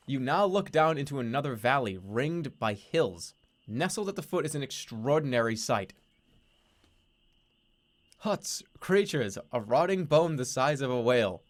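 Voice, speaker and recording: A man's voice: medium pitch, animated, moderate pace. A man streaming a text adventure, reading its narration aloud and breaking off into playful, swearing commentary. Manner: playful, swears casually, laughs at himself.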